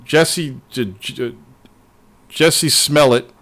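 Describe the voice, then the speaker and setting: A man hosting a casual livestream, talking excitedly and swearing often as he rambles to his viewers. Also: mid-range voice, very slow. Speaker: livestream host.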